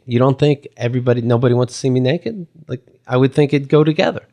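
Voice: mid-range voice, quick pace, few pauses, dark tone. Comic guest, casual chat, stop-start delivery, dry jokes.

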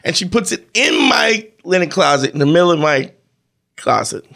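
A man's voice: a little high, big pitch swings, moderate pace, gravelly, bright, forceful tone. A man in casual chat, telling a profane story with lots of acted-out dialogue.

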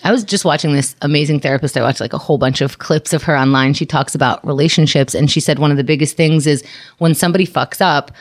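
A woman's voice: low voice, fast talker. A woman hosting a casual advice podcast, chatty and acting out quoted lines. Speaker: podcast host.

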